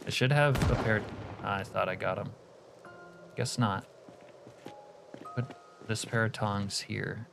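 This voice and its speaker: A man chats with his live-stream audience in an easygoing way, reading their comments aloud and dropping quiet remarks to himself about the game. His voice sits somewhat low. Faint music plays behind him. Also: slow pace, creaky, pauses often. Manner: relaxed, reads chat aloud, muttered asides to the game. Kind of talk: live-stream chat while gaming.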